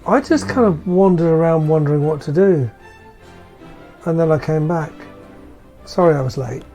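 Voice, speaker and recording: A British man with a fairly high voice for a man tells rambling, self-mocking stories. He chats loosely, stumbling into his punchlines. Faint music runs underneath. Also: moderate pace, dark tone. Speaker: player. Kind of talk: casual anecdote-telling chat.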